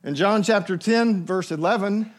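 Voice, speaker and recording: A man's voice: high voice, moderate pace. A man preaching a sermon. He puts on voices for the people he quotes and keeps asking the listeners questions. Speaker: pastor.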